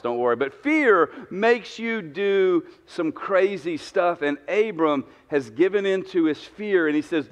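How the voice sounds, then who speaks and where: A man's voice: high-pitched, very animated, a little slow, in a large hall. A man, preaching a humorous sermon with joking, conversational storytelling. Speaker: pastor. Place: church sanctuary.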